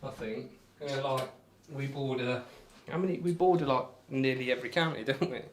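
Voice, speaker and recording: A man's voice: mid-range voice, fairly quick, noisy background. A man with a broad Northamptonshire accent chatting casually to viewers on a darts live stream, laid-back and laughing often. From England.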